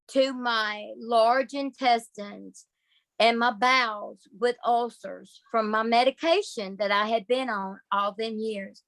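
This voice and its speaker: A woman's voice: a little high, a bit bright, no echo. A woman telling a personal story in a folksy, emphatic way, speaking straight to her listeners. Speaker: guest sharing testimony.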